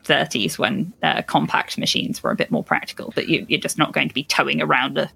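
A woman co-hosting a podcast in a low, gravelly voice with a bright, sharp edge. She chats casually, laughs often and swears freely. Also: fairly quick. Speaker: podcast co-host. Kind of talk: casual chat.

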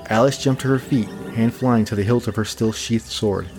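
A man reading a fantasy story aloud in a measured, descriptive narration. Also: lowish voice, music in the background.

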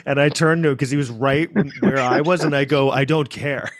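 A man telling a rambling story in casual podcast chat, acting out what people said with sudden jumps in pitch. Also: steady tone, a little fast, no room sound, studio quality. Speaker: podcast host.

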